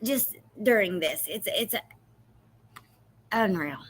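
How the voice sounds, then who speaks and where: A true crime streamer comments on interrogation footage, her medium-pitched voice animated, slow, a bit bright and husky. She reads out viewers' names, talks to chat, and reacts with outrage.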